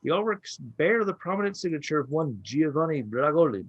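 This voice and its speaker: Wry male podcast host, animated reader, dry sound. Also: fairly high pitch, brisk, slightly rough, no echo, lo-fi sound. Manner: wry, storytelling delivery with asides. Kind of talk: reading a prepared story with banter.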